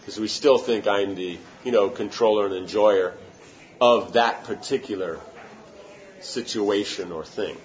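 A man's voice: on the low side, unhurried. A man giving an informal devotional talk, conversational and often asking if his point makes sense. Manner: conversational, often checks for understanding. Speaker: spiritual teacher. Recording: slightly muffled recording with faint room noise.

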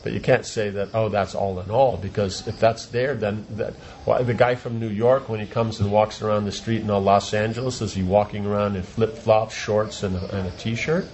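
A man's voice: lowish voice, steady tone, normal speed, few pauses, darkish tone, slight background noise. A man giving an informal religious talk as a teacher, rambling, repeating words and asking rhetorical questions. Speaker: spiritual teacher.

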